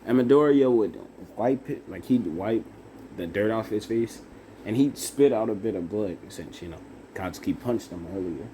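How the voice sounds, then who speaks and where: A young man improvising a fan-fiction story out loud, halting with fillers and self-corrections. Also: fairly low pitch, a little hiss or hum.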